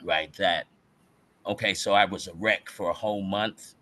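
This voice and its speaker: A man in casual podcast talk, an animated storyteller who uses slang and acts out other people's voices. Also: low voice, moderate pace. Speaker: podcast guest. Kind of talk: casual chat.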